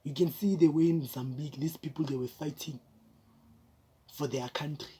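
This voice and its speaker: A man's voice: fairly high pitch, fairly even intonation, moderate pace, dark tone, husky. A man with a South African accent giving casual, rambling commentary, restarting his sentences and mixing in local words.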